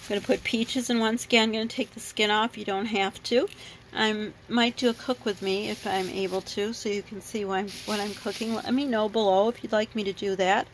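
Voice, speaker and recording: A woman's voice: medium pitch, fairly even intonation, a little fast, a little hiss or hum, low-quality recording. A woman who grew up abroad, casually chatting through her fruit and vegetable haul in a home kitchen, rambling with lots of ums. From grew up in another country. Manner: rambling, chatty, many ums and self-corrections. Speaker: vlogger showing a grocery haul. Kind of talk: casual chat.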